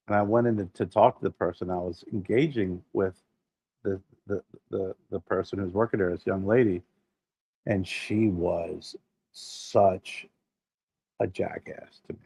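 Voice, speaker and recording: A middle-aged man with a low voice tells animated, profanity-laced stories on a casual podcast. He acts out the people he quotes as he goes. The sound is dry and close. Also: a little slow, creaky, husky, no room sound. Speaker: podcast co-host. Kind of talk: casual chat.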